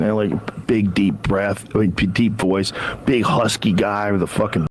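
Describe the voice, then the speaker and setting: A man telling joke stories in a podcast clip, animated and crude. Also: on the low side, measured pace, a little hiss or hum. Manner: animated, joking.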